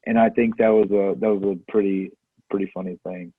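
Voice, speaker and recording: Male podcast co-host, husky and relaxed, coming through a thin phone-like line. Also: fairly low pitch, a little fast, dry recording. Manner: laid-back, says "dude" a lot. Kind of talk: casual movie chat.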